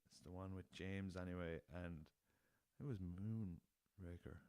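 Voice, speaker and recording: Deep-voiced Irish man, casual podcast chat. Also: fairly even intonation, measured pace, dark tone, clear, resonant tone, no echo. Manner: laughing at his own jokes, swears freely, rambling. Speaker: podcast host.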